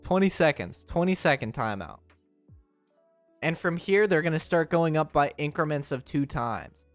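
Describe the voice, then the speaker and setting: A young man streaming and chatting casually with his live chat, teasing and often breaking into high, squealing laughs. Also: expressive, moderate pace, no room sound, soft background music.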